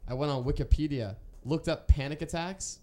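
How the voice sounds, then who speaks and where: A young man chatting casually with a slightly higher-than-usual voice. He rambles through his story, restarting and padding it with fillers. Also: normal speed, mellow.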